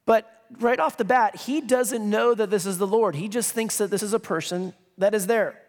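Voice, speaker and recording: Reading scripture with emphasis and slipping in jokes, a male pastor delivers his sermon in a conversational style. His voice sits high at a normal pace, and a large hall gives it long reverb.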